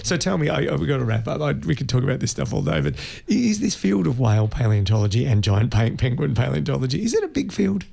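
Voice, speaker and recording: A man's voice: mid-range voice, sing-song, vocal fry, warm tone. A man with an Australian accent co-hosting a community radio show, joking and laughing often in casual chat. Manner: jokey, laughs often, quick asides. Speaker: radio co-host. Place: radio studio.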